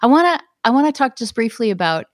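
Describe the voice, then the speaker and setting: A woman's voice: fairly high pitch, sing-song, quick pace, no room sound, studio quality. A woman hosting an interview, responding reflectively and adding her own thoughts. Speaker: radio ministry host. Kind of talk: interview conversation.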